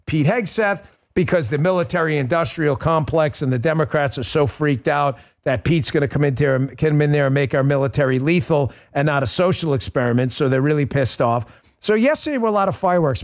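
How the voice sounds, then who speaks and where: A middle-aged man hosting a political talk show, ranting bluntly and piling up insults in quick emphatic lists. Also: a little high, animated. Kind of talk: heated political commentary.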